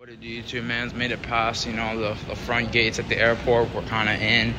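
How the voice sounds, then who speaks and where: A man's voice: medium pitch, completely flat delivery, brisk, background noise. A tired young man, vlogging casually on a handheld camera at the airport and leaning on "you know what I'm saying" over and over. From Canada. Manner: laid-back slangy talk with constant "you know what I'm saying". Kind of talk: casual travel vlog narration. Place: airport and travel spaces.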